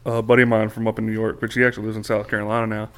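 A man's voice: lowish voice, flat delivery, rapid-fire, fairly bright tone. A man in casual chat, telling loose anecdotes with frequent laughter and swearing.

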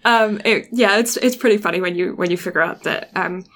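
A woman's voice: medium pitch, a little fast, fairly bright tone. A woman in casual chat, retelling an episode at length with many ums and restarts.

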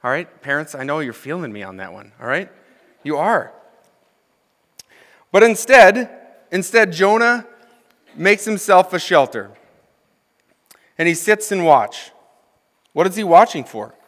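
A man's voice: high-pitched, very animated, unhurried, pauses often, fairly bright tone. Male preacher in a reverberant hall. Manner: conversational, asks the congregation questions; reads scripture then comments with humor. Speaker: associate minister. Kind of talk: sermon.

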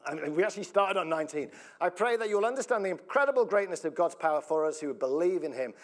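Preaching at a fast clip, a male pastor speaks in a high-pitched voice with lively intonation. He keeps things conversational and jokey, laughing often, breaking up mid-sentence, and asking his congregation questions.

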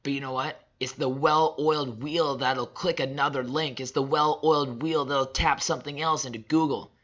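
A man in his thirties delivering a personal motivational monologue, emphatic and repetitive, swinging between loud and soft. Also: medium pitch, steady tone, moderate pace, muffled recording. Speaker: father sharing reflections.

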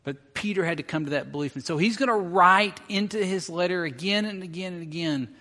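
A man's voice: high voice, fairly quick, bright, forceful tone. A middle-aged man preaching a sermon as a pastor, telling a story and acting out the quoted lines. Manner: storytelling, acts out quotes with rising intensity. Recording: long reverb of a large hall.

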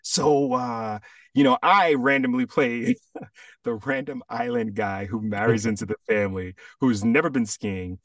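A man's voice: mid-range voice, unhurried, fairly bright tone, no room sound. Laid-back man, dry distant mic. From Jamaica. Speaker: actor guest. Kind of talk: casual podcast chat.

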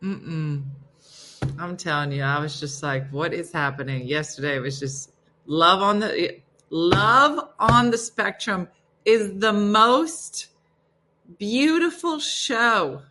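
A woman's voice: medium pitch, slow pace, sharp tone, a little hiss or hum. A middle-aged woman hosting a morning show, chatting casually and reading listener valentines, getting emotional and teary. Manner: emotional, tearful, laughing between readings.

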